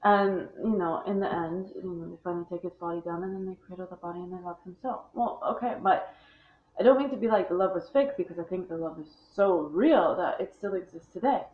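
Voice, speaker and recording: A woman's voice: on the low side, a little fast. A woman speaking in a long rambling monologue, blunt and profane and full of restarts. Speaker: speaker on religion. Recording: tinny phone-like sound in an echoey room.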